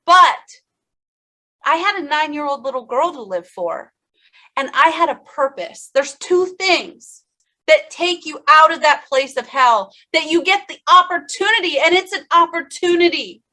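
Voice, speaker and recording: High, bright-voiced woman giving an impassioned speech. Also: animated, measured pace. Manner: impassioned storytelling, addresses the audience directly. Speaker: keynote speaker. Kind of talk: motivational speech.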